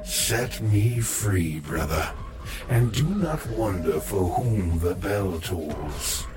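Man doing a sinister storybook presence, very deep, extremely slow, menacing, music behind. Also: expressive, exaggerated voice. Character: sinister low-voiced male presence urging release.

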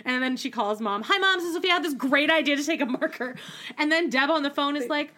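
Bright, high-voiced sarcastic young woman. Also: brisk. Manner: sarcastic, blunt, swears freely. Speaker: podcast co-host. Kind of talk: casual recap chat.

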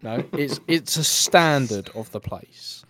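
A man's voice: medium pitch, animated, takes it slowly, fairly bright tone, a little hiss or hum. A man hosting a casual comedy podcast, teasing his co-hosts with a guessing game and laughing often. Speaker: podcast host.

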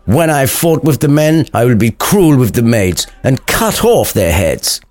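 A man's voice: mid-range voice, wildly swooping pitch, normal speed, voice pushed up. A man voicing a young male street brawler who keeps trying to sound hard. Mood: blustering.

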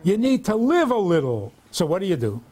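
A man's voice: sits high, huge pitch swings, brisk, a crowd in the background. A man, a rabbi, giving a humorous lecture to a live audience, telling stories and asking rhetorical questions.

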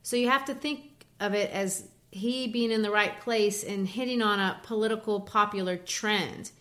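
A woman's voice: medium pitch, fairly even intonation, moderate pace, fairly bright tone. Woman explaining poetry in casual chat. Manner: explanatory, teacherly, with restarts.

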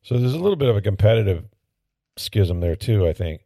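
A man with a low, gravelly voice talks sports in a loose, opinionated way, circling back with plenty of "um"s and "you know"s. His tone is dark and mellow. The recording is close and dry. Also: very animated, fairly quick, dry recording. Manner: rambling and opinionated, with frequent fillers and restarts. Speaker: sports podcast host. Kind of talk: casual sports talk commentary.

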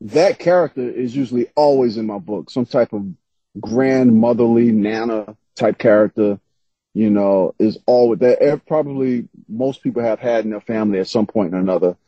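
A man's voice: fairly low pitch, moderate pace, slightly rough, no room sound. A man, an author guest, telling stories in casual interview chat with frequent laughs. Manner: animated storytelling, laughs often. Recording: slightly dull lo-fi sound.

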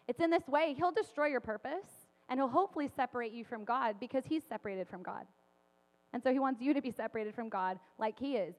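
A woman in her thirties giving a casual, chatty sermon, full of fillers and quick laughs. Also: fairly high pitch. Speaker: preacher. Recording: long hall reverb.

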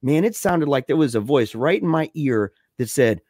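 A young man telling a scary story in a casual way, excited and slangy, saying dude and man a lot. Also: on the high side, normal speed, no echo, clean studio sound.

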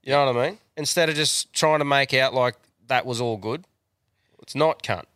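A man's voice: mid-range voice, moderate pace, fairly bright tone, clear, resonant tone, dry recording. A young Australian man co-hosting a podcast, telling a crude, sweary rant in casual chat. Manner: crude, swearing, ranting storyteller. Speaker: podcast co-host.

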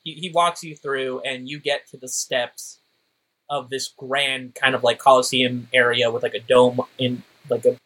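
A man's voice: medium pitch, little pitch movement, unhurried, pushed and bright, rough recording. A man narrating as game master in a tabletop game, rambling loosely with many fillers.

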